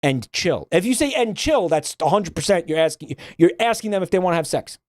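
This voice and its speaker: A man's voice: fairly high pitch, lively intonation, a little fast, dry recording, clean studio sound. A man streaming, ranting bluntly and swearing a lot in casual livestream commentary.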